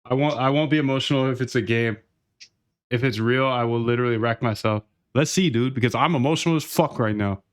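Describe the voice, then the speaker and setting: Young male streamer, mid-pitched, excitable, heavy swearing, casual bro-talk. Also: a little fast. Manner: excitable, swears a lot, calls listeners bro and dude. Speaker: trading streamer. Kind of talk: casual livestream rant.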